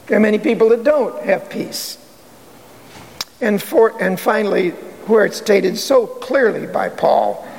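Man, pastor, earnest sermon, rhetorical questions, gravelly voice, church with long reverb. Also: sits high, unhurried, darkish tone.

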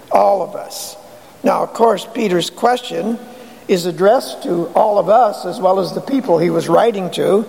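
A man's voice: sits high, creaky, a little mellow. A man preaching an earnest sermon as pastor, pressing rhetorical questions with emphasis, recorded in a church sanctuary. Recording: long hall reverb.

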